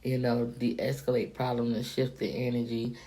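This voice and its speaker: A vlogger from the Miami-Dade area, an adult woman no longer in her younger days, tells a story straight to camera in a casual monologue. Her voice is unusually deep with a gritty, crackling edge, and she talks bluntly and profanely at a normal speed. The delivery is animated and conversational.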